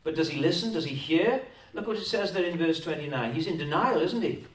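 Welsh pastor preaching in an echoey hall. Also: male voice, fairly high pitch, expressive, a little fast. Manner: rhetorical tag questions, repeats words when pressing a point. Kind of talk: sermon. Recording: echoey hall, distant mic.

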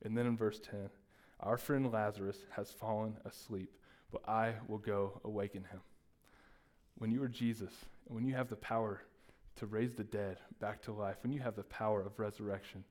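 Animated male preacher. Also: lowish voice, moderate pace, long pauses. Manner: animated, acts out the disciples' voices. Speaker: pastor. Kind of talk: sermon.

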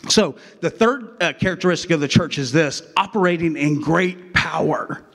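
A pastor preaching a sermon in a chatty, joking way, calling on the crowd to answer back. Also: male voice, on the high side, moderate pace, gravelly, a bit bright. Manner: jokey, chatty preaching with call-and-response. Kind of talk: sermon with acted skit.

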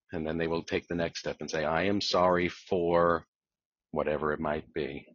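A man working as a divorce mediator, talking thoughtfully in a podcast interview, with a measured delivery that repeats words as he restarts. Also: deep voice, husky, no room sound. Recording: dull lo-fi dry sound.

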